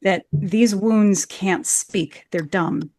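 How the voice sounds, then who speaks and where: A woman's voice: medium pitch, very slow, darkish tone, no room sound. A woman who acts and coaches, explaining verse with enthusiasm in a podcast interview and chanting beats to show rhythm. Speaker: actor and Shakespeare coach.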